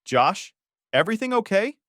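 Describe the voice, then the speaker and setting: A man's voice: high voice, moderate pace, no room sound, studio quality, voice pushed up. A man voicing a firm, protective uncle who works as a construction foreman. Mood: concerned. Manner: firm, cold and calm.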